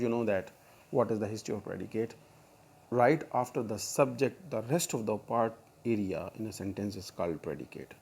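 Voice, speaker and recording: A man with a fairly low, gravelly voice teaches grammar to his students. He explains step by step, pausing on fillers and repeating his examples. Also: a little mellow. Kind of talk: recorded grammar lesson.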